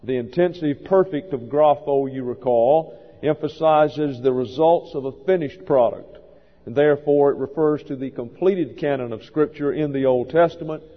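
A male pastor giving a measured, methodical verse-by-verse Bible teaching sermon in a church. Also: on the high side. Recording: dull lo-fi sound with long hall reverb.

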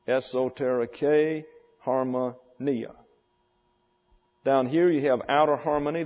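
A man teaching a Bible class, deliberately spelling out and pronouncing terms for his students. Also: mid-range voice. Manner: deliberate, spells out words slowly. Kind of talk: classroom lecture. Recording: dull lo-fi sound in a reverberant hall.

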